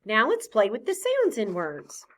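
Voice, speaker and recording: A woman teaching a phonics lesson to young children, patient and clear, sounding out each letter sound deliberately. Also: fairly high pitch, wildly swooping pitch, fairly bright tone.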